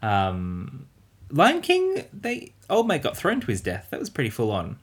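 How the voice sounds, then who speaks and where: A man's voice: mid-range voice, wildly swooping pitch, unhurried, husky. A man casually recapping a film, rambling, swearing and acting out quotes. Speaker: podcast co-host.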